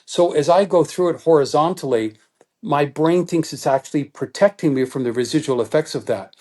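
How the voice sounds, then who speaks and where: A middle-aged man, the expert guest in an interview, acts out quoted thoughts while explaining in an animated teaching style. His voice runs on the high side, and he talks briskly.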